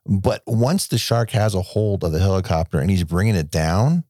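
Low-voiced man, eager film-fan podcaster, swears, restarts, dry close sound. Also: normal speed, warm tone, dry recording. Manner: enthusiastic, swearing, rambling restarts. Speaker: podcast co-host. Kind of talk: casual movie discussion.

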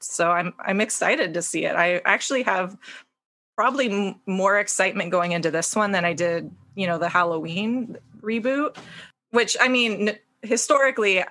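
A woman's voice: mid-range voice, a bit bright, no echo. A woman guest on a casual podcast chat, eager and peppering her talk with "you know".

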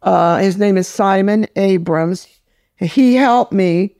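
A woman's voice: medium pitch, slow pace, darkish tone, dry recording, clean studio sound. Older woman director, blunt and salty, chatting through stories. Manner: blunt, salty, storytelling with laughs. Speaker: film director, guest. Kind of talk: casual interview chat.

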